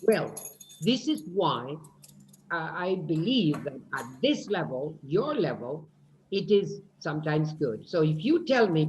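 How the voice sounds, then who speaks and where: Woman, British accent, phonetics teacher, lively voice, dull video-call sound. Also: low-pitched, unhurried, slight background noise. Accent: British English. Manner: corrective, explanatory. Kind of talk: online class teaching.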